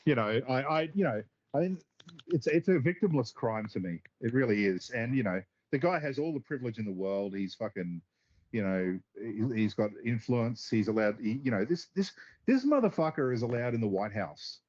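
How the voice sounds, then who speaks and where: A man hosts a casual reaction stream, rambling and cursing as he chats. His pitch is mid-range. The audio is a bit dull and lo-fi. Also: animated, moderate pace, a little mellow. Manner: rambling, laughing, heavy swearing. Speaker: stream host.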